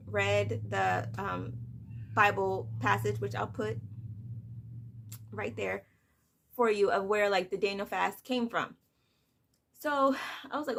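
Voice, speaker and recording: A young woman and mother talking softly and haltingly in a personal vlog, holding back tears, with many fillers. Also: mid-range voice, creaky. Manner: soft, hesitant, many "like" fillers, on the edge of tears. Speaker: vlogger, mother of two.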